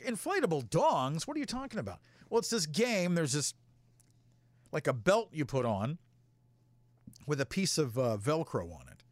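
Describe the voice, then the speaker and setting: A man's voice: fairly high pitch, fairly bright tone, no room sound. A man telling a long, rambling story in a casual, profane way as a show host.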